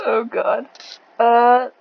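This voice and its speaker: Woman interviewer with a thick accent and a fairly high voice, blunt, swears freely, laughs easily. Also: creaky, muffled recording. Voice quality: says she has a thick accent. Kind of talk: casual online interview over voice chat.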